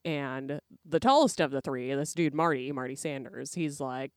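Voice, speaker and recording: A woman's voice: rumbling low, lively intonation, normal speed, few pauses, darkish tone, no echo, clean studio sound. A woman podcast co-host telling a folklore tale in a casual, laid-back way. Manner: laid-back, conversational, uses "like" and "dude". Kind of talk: casual storytelling.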